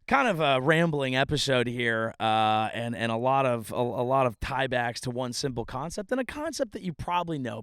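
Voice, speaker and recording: Male comedian host, mid-pitched voice, loose profane storytelling that pokes fun at himself, dry close sound. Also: no echo. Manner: rambling, profane, self-deprecating. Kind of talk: casual storytelling monologue. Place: outdoors by a ditch at a family home.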